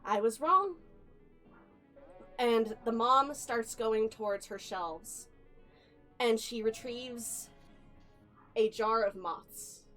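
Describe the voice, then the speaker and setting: A woman narrating a spooky tabletop game as game master, telling it slowly and deliberately with suspenseful pauses. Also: a little high, a bit bright. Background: faint background music.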